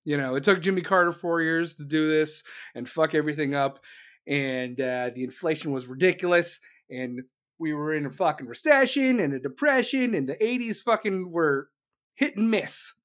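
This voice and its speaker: A commentator delivering an angry, sarcastic political rant full of swearing, speeding up in bursts and slowing down to hit a point. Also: medium pitch, fairly bright tone. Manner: jumps between fast bursts and slow emphasis.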